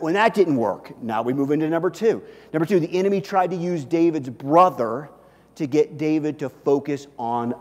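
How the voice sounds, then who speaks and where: A man's voice: medium pitch, darkish tone, big-room sound. Predikende man met lange galm in een zaal. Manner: conversational preaching, often asking "okay?". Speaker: pastor. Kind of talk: sermon.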